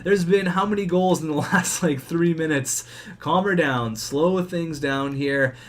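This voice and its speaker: Young guy yelling at his hockey game, fast and excitable, kinda high voice. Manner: animated, swings between cheering and groaning; talks fast. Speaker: gaming commentator. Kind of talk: excited let's-play commentary.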